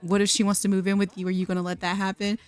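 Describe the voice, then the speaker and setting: A woman voicing a warm, caring adult mother in a life-simulation game, speaking in an affectionate, motherly way. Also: mid-range voice, flat delivery, very fast, smooth, close to an everyday voice.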